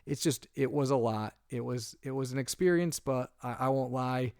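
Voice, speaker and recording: A young adult man co-hosting a podcast, telling a travel story in casual chat and growing animated and exasperated as it goes. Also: moderate pace, clean tone, no room sound, studio quality. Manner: animated storytelling, gets louder and higher when exasperated. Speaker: podcast co-host.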